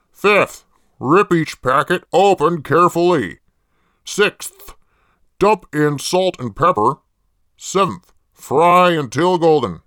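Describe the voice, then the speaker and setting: A man playing a creepy jailed male killer in a comedy parody ad, rambling deadpan and swearing a lot. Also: a little high, no echo, clean studio sound.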